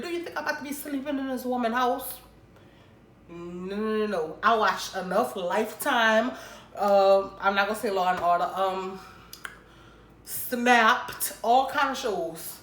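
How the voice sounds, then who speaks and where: Animated woman telling a storytime, roomy echo. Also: mid-range voice, normal speed, a little hiss or hum. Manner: animated, emphatic retelling with quoted exchanges. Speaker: vlogger. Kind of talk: casual storytime to viewers.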